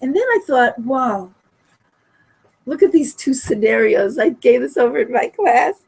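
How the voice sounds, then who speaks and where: High-voiced emotional woman in her sixties. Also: animated, a little slow, creaky, a little hiss or hum. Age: 60s. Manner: emotional, repeats phrases, swings from soft to loud. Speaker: speaker at a memorial gathering. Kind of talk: heartfelt storytelling talk.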